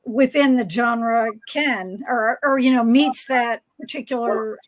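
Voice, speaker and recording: A woman's voice: a little high, a little slow, low-quality recording. A woman interviewing an author on a convention panel, agreeable and hedging, with many "you know"s.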